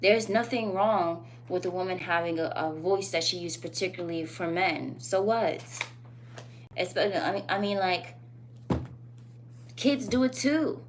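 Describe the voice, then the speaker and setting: A woman talking straight to camera in a casual opinion vlog, blunt and animated, her thoughts rambling between emphatic points. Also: on the low side, moderate pace, a little hiss or hum. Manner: loose, rambling phrasing with fillers. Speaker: vlogger.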